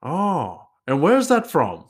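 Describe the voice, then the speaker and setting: A man imitating a quiet-spoken male cook from Nepal with a Nepali accent, asking wondering questions in a raised voice. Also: on the high side, huge pitch swings, slow, pitched above the performer's own voice, exaggerated voice. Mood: curious. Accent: Nepali English, imitated.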